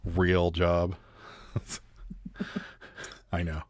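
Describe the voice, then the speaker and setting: A man's voice: sits low, monotone, drawn-out words, no room sound, studio quality. A man hosting a live stream, chatting casually and joking as he reads viewer comments, with a Western Pennsylvania accent. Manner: rambling, joking, wry.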